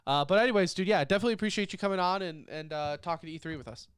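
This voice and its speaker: A man's voice: high-pitched, racing, smooth, dry recording. A man hosting a podcast in a casual chat, his voice a bit nasal from a lingering cough. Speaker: podcast host.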